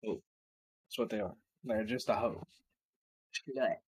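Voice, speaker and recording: A man's voice: fairly low pitch, a little slow, darkish tone, breathy edge. Profane mocking male reaction host. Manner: blunt, mocking, swears a lot, laughs at clips. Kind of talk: casual profane reaction commentary.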